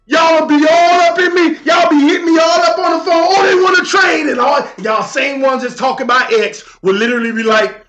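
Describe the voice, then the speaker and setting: A man hosting a livestream sports talk show, animated and shouting as he argues with his chat. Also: very high-pitched, moderate pace, few pauses. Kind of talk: heated casual livestream rant. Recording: echoey room with faint music.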